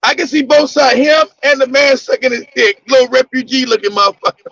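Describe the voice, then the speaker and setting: Man, podcast storyteller, bright husky voice, rowdy and profane. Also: very high voice, brisk, dry recording. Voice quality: gravelly. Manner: loud, laughing, profane storytelling with bursts of shouting. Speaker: podcast host telling a story. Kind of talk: casual storytelling. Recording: dull lo-fi dry sound.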